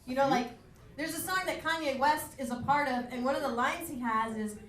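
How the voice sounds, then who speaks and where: A woman's voice: sits high, fairly quick, a bit bright. A woman doing a stand-up set with bubbly, chatty crowd work. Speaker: stand-up comedian. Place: small comedy club. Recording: roomy club audio from a distant mic with crowd.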